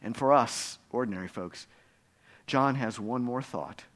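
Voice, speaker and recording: A male pastor preaching a sermon, earnest and storytelling, swinging between hushed low passages and loud, emphatic climaxes. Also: a little slow.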